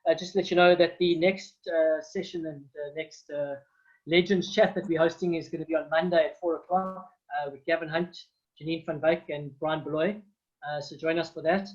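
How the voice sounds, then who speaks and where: Man making hurried announcements. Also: on the high side, steady tone, lo-fi sound. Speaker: event organizer. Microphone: video call.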